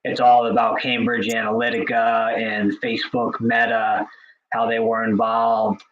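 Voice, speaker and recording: A man in a casual podcast conversation, a drum teacher talking in a loose way full of fillers and restarts. His voice sits at an ordinary middle pitch. The recording sounds slightly muffled and lo-fi. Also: monotone, measured pace, a bit bright. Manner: chatty, many filler likes and restarts. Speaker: podcast co-host.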